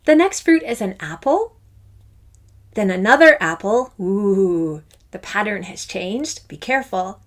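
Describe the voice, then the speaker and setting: A woman's voice: mid-range voice, animated, a little slow. A middle-aged woman music teacher from Canada, giving a playful, upbeat online lesson for children. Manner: enthusiastic, playful, speaks to children.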